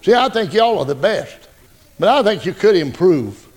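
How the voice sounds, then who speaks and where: A male pastor preaching a folksy, joking, animated sermon. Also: high-pitched, moderate pace.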